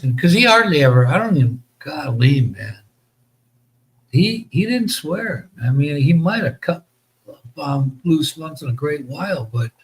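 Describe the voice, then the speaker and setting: A man in his fifties chatting casually as a podcast co-host, telling stories in a rambling, halting way with many fillers. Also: a little high, breathy edge, rough recording. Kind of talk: casual chat.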